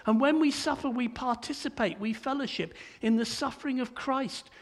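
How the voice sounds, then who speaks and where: Old guy preaching, really high-pitched voice, keeps stumbling over his words. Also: moderate pace. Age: older. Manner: stammering restarts, conversational. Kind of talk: sermon.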